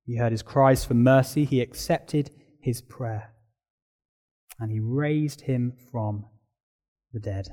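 This man's medium-pitched voice moves slowly, with frequent pauses, as he preaches an expository sermon. He grows more intense through repetition, speaking emphatically, then lowers to a hushed, solemn tone.

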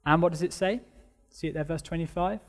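A man delivers a sermon with a fairly high voice, leaning on key words and repeating phrases to drive his point home. His voice rings out with a long reverb that trails through the church hall. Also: brisk. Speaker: preacher.

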